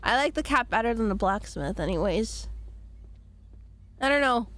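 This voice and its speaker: A woman streamer chatting playfully with her audience while playing a game, her voice slightly hoarse from a cold. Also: a little high, expressive, moderate pace, fairly bright tone. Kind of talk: casual game-stream chat.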